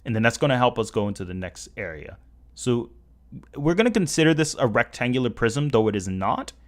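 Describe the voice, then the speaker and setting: A man's voice: medium pitch, expressive, a little fast. A man streaming live, talking casually as he works through calculations, often correcting himself, with keyboard typing heard behind him. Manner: rambling, self-correcting, working through math aloud. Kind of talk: casual livestream commentary.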